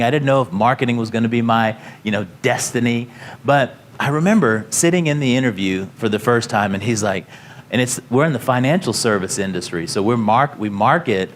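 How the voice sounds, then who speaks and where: A company founder telling his career story to students, casual and rambling, full of "you know" fillers and restarts. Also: medium pitch.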